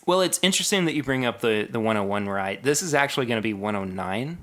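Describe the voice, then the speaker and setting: A man's voice: medium pitch, animated, fast talker, fairly bright tone. A man co-hosting a podcast, chatting casually and upbeat, listing product details. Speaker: podcast co-host. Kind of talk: casual chat.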